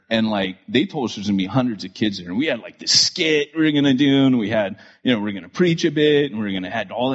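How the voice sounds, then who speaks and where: Husky-voiced man telling a rambling story. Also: fairly low pitch, lo-fi sound. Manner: animated, many fillers and restarts. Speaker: podcast host. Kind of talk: storytelling on a podcast.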